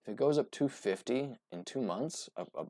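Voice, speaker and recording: A man's voice: medium pitch, lively intonation, moderate pace, mellow, no room sound, studio quality. A man hosting a casual market commentary. He rambles with lots of fillers and keeps checking in with "right?". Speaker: host.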